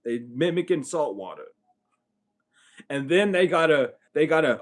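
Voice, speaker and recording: A man's voice: on the high side, animated, unhurried, long pauses. A young man hosting a late-night livestream, talking bluntly and profanely in a casual monologue that rises into heated outbursts. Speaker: livestream host.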